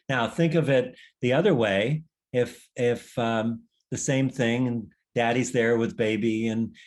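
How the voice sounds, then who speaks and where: A man's voice: lowish voice, a little mellow. Male workshop leader, conversational and reflective, meandering delivery. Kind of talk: conversational teaching session.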